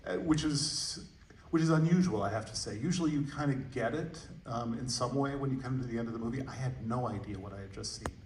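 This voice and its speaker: A man moderating a post-screening Q&A, musing aloud with many pauses and fillers. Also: mid-range voice, darkish tone, slight background noise. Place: movie theater stage. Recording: roomy, distant theater audio.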